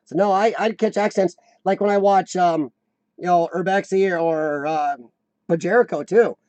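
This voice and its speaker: A man hosting a casual live chat, rambling and answering viewers, his voice a little rough from lung trouble. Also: sits high, moderate pace, a little mellow, no room sound, dull audio. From United States. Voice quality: slightly rough voice from lung problems. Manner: rambling, chatty, laughs often, answers viewers by name. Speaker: livestream host.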